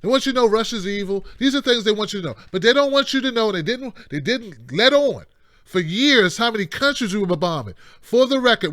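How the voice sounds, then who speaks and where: A man's voice: high-pitched, a bit bright, dry recording, studio quality. A man hosting a live call-in show, delivering impassioned political commentary in a rambling, emphatic way with mocking asides.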